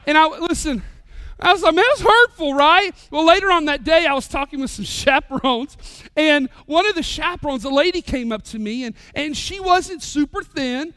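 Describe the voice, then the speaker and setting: A middle-aged male pastor, preaching a sermon with animated, joking stories. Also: very high-pitched, normal speed, no echo, studio quality.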